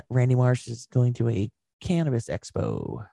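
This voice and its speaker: A man's voice: mid-range voice, huge pitch swings, unhurried, vocal fry, dark tone, breathy edge, no echo. A man co-hosting a podcast in casual chat, laughing often as he jumps from one story to the next. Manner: chatty, laughs often, jumps between stories. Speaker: podcast co-host.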